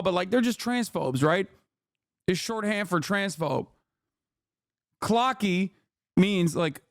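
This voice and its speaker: A man streaming a heated, profane reaction rant, shouting and mocking as he goes. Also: high voice, no echo, clean studio sound.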